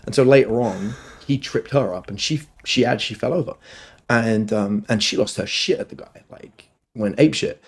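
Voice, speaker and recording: A man's voice: fairly low pitch, normal speed, breathy edge. A man telling rambling personal stories as a podcast guest, often swearing and quoting himself. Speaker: podcast guest, dating coach. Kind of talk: casual storytelling in conversation.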